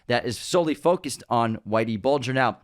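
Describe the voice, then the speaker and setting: A man co-hosting a casual film podcast, enthusiastically running through background facts in quick lists. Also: medium pitch, expressive, dry recording, clean studio sound. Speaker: podcast co-host.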